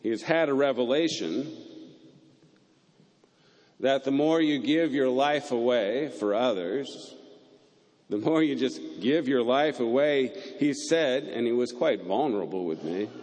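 A man's voice: medium pitch, expressive, measured pace, darkish tone. A man preaching a sermon as pastor, earnest, building to emphatic peaks. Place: church sanctuary. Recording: long reverb of a church hall.

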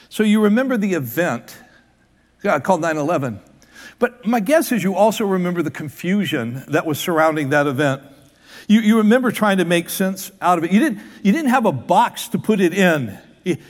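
A man's voice: sits high, in a large hall. A man, the lead pastor, preaching a sermon in an emphatic way, often repeating words and restarting.

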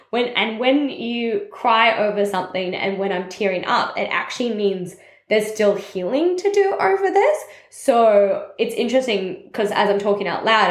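A woman's voice: mid-range voice, animated, moderate pace. Woman sharing candidly in a roomy space. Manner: candid, confessional, self-help phrasing with many "like" fillers. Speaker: network marketing team leader. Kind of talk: personal reflective monologue. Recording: roomy echo.

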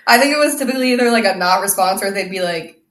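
Young female guest, dry deadpan delivery, bright voice, echoey room. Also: medium pitch, very fast. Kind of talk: casual chat.

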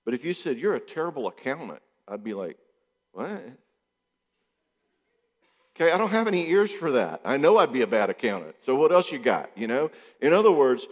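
A man's voice: mid-range voice, quick pace, hardly any pauses, in a large hall. A middle-aged man, a psychologist, talking casually about relationships, firing off rhetorical questions and repeating points for emphasis. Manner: animated, acts out quotes in voices, rhetorical questions, repeats for emphasis.

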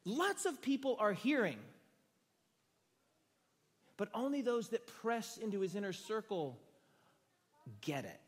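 Male pastor, high voice, dramatic sermon with loud-to-hushed swings, long hall echo. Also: sing-song, slow pace, pauses often, breathy edge. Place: room with a gathered congregation. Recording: reverberant hall sound.

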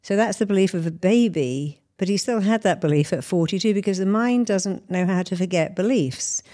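A woman's voice: mid-range voice, moderate pace, dark tone. A middle-aged woman therapist answering interview questions, explaining her method through examples and analogies. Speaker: therapist and hypnotist guest.

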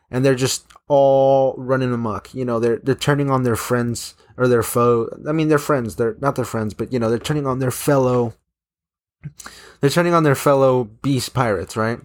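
A man's voice: medium pitch, steady tone, normal speed. A man casually recapping a comic chapter, rambling with lots of fillers and restarts. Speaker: manga chapter reviewer. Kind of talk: casual recap, reading quotes aloud.

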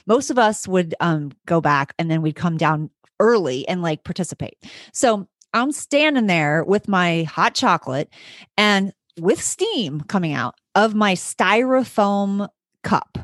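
A woman teacher tells a story in relaxed, chatty conversation, her pitch swinging widely as she acts out the people in it. The sound is close and dry. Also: measured pace, no room sound. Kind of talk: casual storytelling chat.

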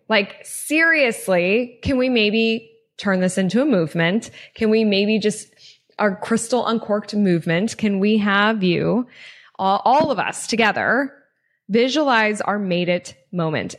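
A woman hosting her own podcast, talking casually and telling a funny story. Her speech is loose and rambling, packed with "like" and the odd swear word, and she laughs at herself along the way. Her voice sits at a middle pitch for a woman. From not from California. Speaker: podcast host.

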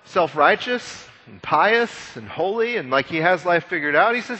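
A man preaching a sermon, retelling a scripture story in a conversational, animated way with frequent repeated words. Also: high-pitched, normal speed, few pauses, husky, in a large hall, muffled recording. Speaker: pastor.

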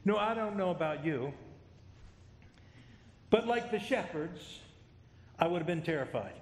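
Middle-aged male pastor, high voice, joking, conversational sermon, echoey hall. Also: expressive, unhurried. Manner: conversational, self-deprecating humor.

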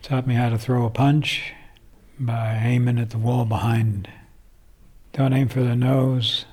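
A man's voice: medium pitch, steady tone, a little slow, darkish tone, breathy edge. An older man, a songwriter, reflecting at length in a casual interview, rambling with fillers. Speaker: songwriter guest.

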